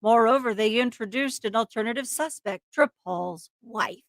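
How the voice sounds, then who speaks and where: High-voiced woman reading true crime aloud. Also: normal speed, no echo. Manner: breaks into laughter, trips over words while reading. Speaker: livestream co-host reading a case.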